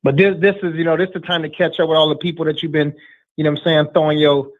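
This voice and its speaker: A man's voice: on the high side, flat delivery, fast talker. A man hosting a casual talk show, brash and streetwise, reading chat comments. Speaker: podcast host, trainer. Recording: tinny phone-like line.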